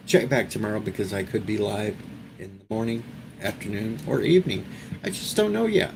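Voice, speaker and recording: A man with a lowish voice hosts a live stream in a casual, joking ramble. Clear background noise sits under his talk. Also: lively intonation, fairly quick, rough recording. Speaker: livestream host.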